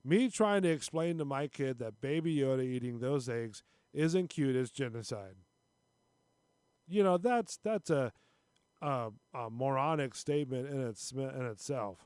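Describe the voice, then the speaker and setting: A man co-hosting a casual podcast chat, ranting with lots of swearing and frequent throat clearing. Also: mid-range voice, expressive, unhurried, darkish tone, no echo. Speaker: podcast co-host.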